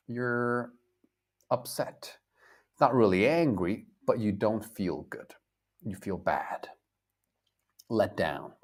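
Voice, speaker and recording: Slow, lively American teacher man. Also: mid-range voice. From United States. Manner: slow, clear teacher talk, repeating words and acting out feelings. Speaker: English teacher. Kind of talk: live online English lesson.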